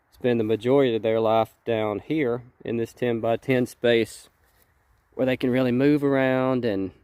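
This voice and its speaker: A man with a nasal, congested voice from a cold, talking casually outdoors and explaining things in a relaxed way. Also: mid-range voice, clean tone, no echo. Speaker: homesteader vlogger. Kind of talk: casual outdoor walk-and-talk. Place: outdoors at a rabbit pen.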